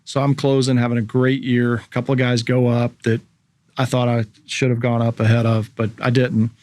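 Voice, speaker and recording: A man around forty, a former baseball pitcher, telling a story as a podcast guest and acting out the voices of people in it. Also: fairly quick, dry recording. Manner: animated storyteller, acts out quoted voices. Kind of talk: casual storytelling interview.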